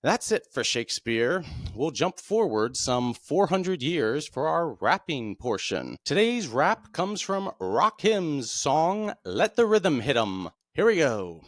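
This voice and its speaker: Guy hosting his show, breaks stuff down slow and plain, voice jumps around a lot. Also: dry recording, clean studio sound. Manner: plain, deliberate explaining with lively pitch swings. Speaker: podcast host. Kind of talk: explanatory monologue.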